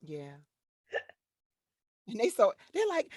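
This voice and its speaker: A middle-aged woman from Detroit, a voiceover artist, chatting as a guest on an interview show in an animated, playful way. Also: normal speed, dry recording, clean studio sound. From Detroit, Michigan. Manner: animated, playful, acts out quotes in high voices. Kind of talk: casual interview chat.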